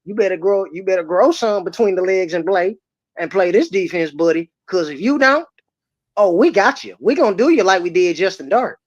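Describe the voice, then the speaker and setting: A podcast host, ranting about football in loud, mocking trash talk. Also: medium pitch, animated, a little fast, dry recording. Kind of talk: heated sports podcast talk. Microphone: remote streaming mic. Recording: dry, slightly muffled audio.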